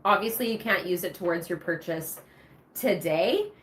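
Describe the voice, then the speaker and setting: A woman's voice: on the low side, expressive, normal speed, fairly bright tone, slight background noise. A woman hosting a live shopping show, bubbly and chatty, cheering during the prize wheel spins. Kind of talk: upbeat live sales presentation.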